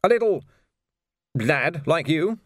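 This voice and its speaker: A man's voice: fairly high pitch, sing-song, a little fast, a bit bright, no room sound, clean studio sound, voice pushed up. A man playing a pompous flustered army major. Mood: indignant. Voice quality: pompous, indignant officer voice.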